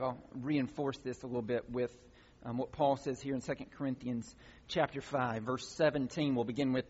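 A man's voice: medium pitch, slightly rough. A man preaching a sermon as a pastor, earnest, with fillers and restarts, rising into emphatic passages. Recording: long church reverb, dull lo-fi sound.

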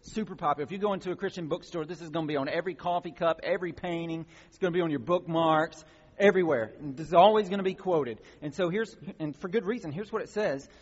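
A man preaching a sermon, his voice slightly high and husky, earnest, with fillers and restarts, building into emphatic stretches. The sound is dull and lo-fi. A long reverb hangs after his words in a large sanctuary. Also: fast talker. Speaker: pastor.

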